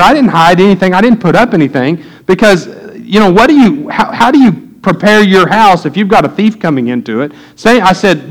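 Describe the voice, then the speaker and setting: A middle-aged man preaching a sermon, telling folksy stories and getting animated when he quotes people. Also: high voice, poor audio. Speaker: pastor. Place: church.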